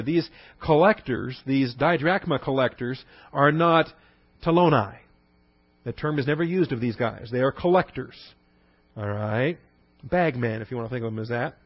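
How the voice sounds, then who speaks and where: A middle-aged man teaches a Bible class in a loose, conversational way, stopping often to check that his listeners follow. His voice sits at an ordinary pitch, and the recording is dry and a little dull. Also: no room sound. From Texas. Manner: explains Greek terms with frequent fillers and check-ins.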